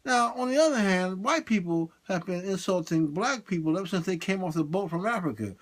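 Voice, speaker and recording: A man doing a comic monologue, swinging between high excited bursts and low muttered asides. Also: fairly quick. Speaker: stand-up comedian.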